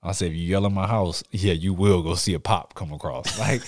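A man's voice: low voice, a little fast, no room sound. A young adult man hosting a casual podcast chat, telling profane stories and acting out quotes with lots of laughter. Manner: profane, laughing storyteller who acts out quotes. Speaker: podcast host.

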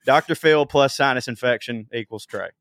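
A man co-hosting a comedy podcast, telling quick, profane, joking stories in casual chat. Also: mid-range voice, fairly bright tone, no echo, studio quality. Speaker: podcast co-host.

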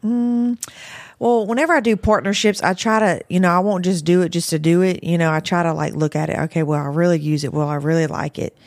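A woman's voice: on the low side, steady tone, fairly quick, darkish tone, no room sound. Laughing woman, dry close sound. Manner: laughs often, talks over the host. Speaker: podcast guest. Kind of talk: casual chat.

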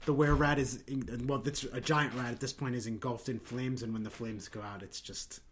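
A man narrating as dungeon master in a casual home game, trading quick asides about rules. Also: medium pitch, fairly even intonation.

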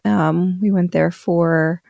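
A woman in her thirties co-hosting a podcast, talking casually and hesitantly with many pauses. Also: lowish voice, gravelly, no echo, studio quality. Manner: relaxed, hesitant, forgetful with many ums. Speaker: podcast co-host. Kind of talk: casual chat.

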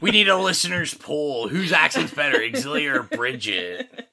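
A man's voice: on the high side, lively intonation, normal speed, bright, forceful tone. A man hosting a podcast, steering the chat by asking the others questions. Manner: moderating, asks questions. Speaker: podcast host. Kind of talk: casual chat.

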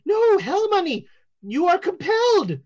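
A frantic, paranoid fortune teller, voiced by a game master shrieks in a high, wildly swooping voice. The sound is dull and lo-fi, like an old stream capture. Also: male voice, measured pace, full character voice. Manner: shrill, excitable, shouting accusations. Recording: dull lo-fi audio.

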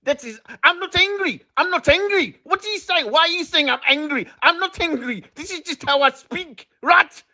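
A man's voice: very high voice, lively intonation, normal speed, hardly any pauses, bright, forceful tone, voice pushed up, heavily acted, poor audio. James Bond as a touchy South African put on by a man. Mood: defensive. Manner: defensive, repetitive, calling everyone matey. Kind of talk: comic voice message sketch.

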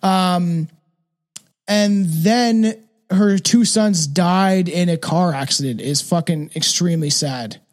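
Man, podcast host, high voice, rambling, swearing, filler words. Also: slow. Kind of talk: casual chat.

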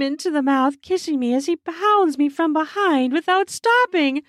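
A woman narrating a first-person erotic audio story in a breathy, intimate voice. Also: high-pitched, lively intonation, normal speed, hardly any pauses, no echo, clean studio sound. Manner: breathy and intimate, slipping into soft moans.

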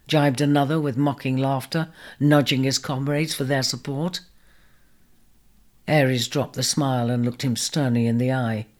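A woman narrating a storybook in a steady, measured way. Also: rumbling low. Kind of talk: storybook reading.

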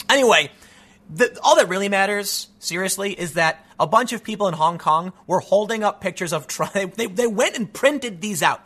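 A man's voice: high-pitched, animated, brisk, fairly bright tone. A man hosting an opinionated solo commentary show, talking in a mocking way and often stammering repeated words. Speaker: political commentary host.

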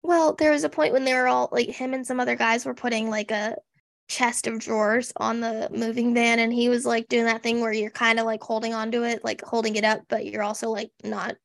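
Woman, podcast co-host, sarcastic casual chat, vocal fry, dry close sound. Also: on the high side, flat delivery, fairly quick, dry recording. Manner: sarcastic, chatty, many fillers. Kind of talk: casual chat recapping a TV special.

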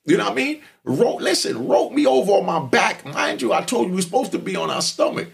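Animated gravelly man telling a story. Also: high-pitched, fast talker. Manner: animated, streetwise, repeats "you know what I mean". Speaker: podcast host telling stories. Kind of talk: storytelling monologue.

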